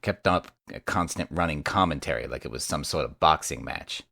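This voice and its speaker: A man voicing a battered young male mage who talks in a croaky voice, blunt and profane. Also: rumbling low, brisk, bright, forceful tone, no echo, clean studio sound, heavily acted. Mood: weary.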